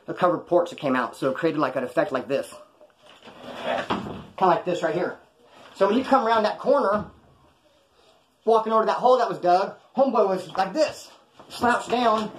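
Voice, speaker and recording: A man's voice: sits high, slight background noise. A middle-aged man from California, telling a casual, profane story about his past in and out of prison. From Bakersfield, California. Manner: rapid, profane, animated, acts out others' lines. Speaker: former prisoner telling stories.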